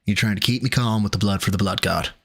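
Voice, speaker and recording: A man's voice: fairly low pitch, fast talker, creaky, noisy background. A man streaming, reacting to a clip with sarcastic, exasperated commentary and a lot of swearing.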